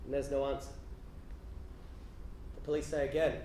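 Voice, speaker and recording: An Australian man doing stand-up storytelling, stammering restarts and swinging from hushed to shouting. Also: mid-range voice, flat delivery, normal speed, roomy sound. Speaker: storyteller comedian. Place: theatre stage with live audience.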